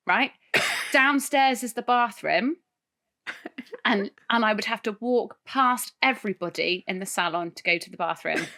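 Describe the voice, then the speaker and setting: A woman co-hosting a podcast, telling a funny story in casual chat, animated and often laughing. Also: mid-range voice, a little slow. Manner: animated, laughing, tells stories with voiced asides. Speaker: podcast co-host.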